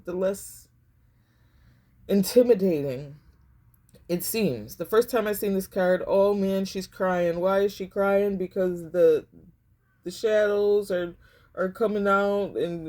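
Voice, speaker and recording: Speaking in a mellow, mid-range voice, a tarot reader does a casual reading for her viewers. She's emphatic and repetitive, saying things more than once for effect and addressing everyone as y'all.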